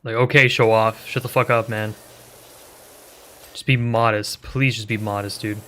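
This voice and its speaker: A man's voice: fairly low pitch, fairly even intonation, normal speed, fairly bright tone, slight background noise. A man live-streaming a video game, chatting casually and ranting with a lot of swearing. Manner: profane, ranting, riffing on the game.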